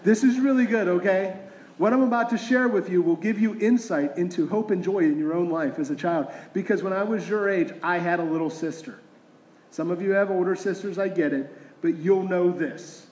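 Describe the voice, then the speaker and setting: A man's voice: sits high, normal speed, darkish tone. A middle-aged man, a pastor, preaching a conversational sermon full of rhetorical questions. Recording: roomy echoing hall.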